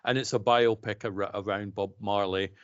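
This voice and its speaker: A man's voice: fairly low pitch, fairly even intonation, moderate pace, smooth, dry recording. A man co-hosting a casual movie podcast, telling anecdotes in an easygoing way and laughing at his own stories. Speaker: podcast co-host. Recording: dull lo-fi dry sound.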